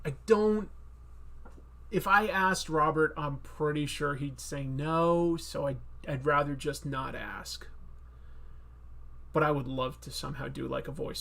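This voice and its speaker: A man's voice: on the high side, fairly bright tone. A man hosting a casual live-stream Q&A about comics, chatty and rambling with many fillers. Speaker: comic book video host.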